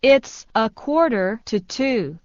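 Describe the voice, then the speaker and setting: Slow, clear woman, slightly high, reading English phrases for learners. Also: dry recording. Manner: slow, even repetition of each phrase. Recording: dull dry studio sound.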